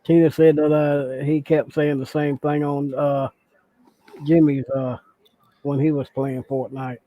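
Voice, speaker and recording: A man co-hosting a casual livestream, talking hesitantly and halting often, reading out viewer comments. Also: a little high, little pitch movement, mellow, no echo. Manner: hesitant, halting speech with many fillers. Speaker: co-host reading chat. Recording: tinny dry phone-like line.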